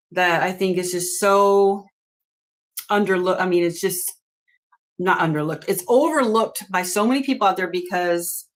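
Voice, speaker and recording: A middle-aged woman hosting an astrology channel, talking casually and emphatically to her viewers, laughing often and giving blunt commands. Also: fairly low pitch.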